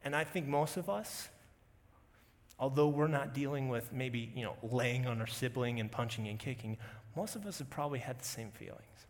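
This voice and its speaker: A young man preaching as pastor, telling stories in a conversational way and acting out the voices of people he quotes. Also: medium pitch. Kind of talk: sermon. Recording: long hall reverb.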